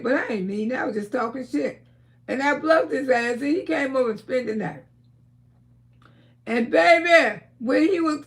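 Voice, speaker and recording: A woman hosting a casual livestream, talking loudly with frequent laughter and cursing while telling stories to her viewers. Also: sits high. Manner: loud, laughing, storytelling with lots of cursing. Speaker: livestream host.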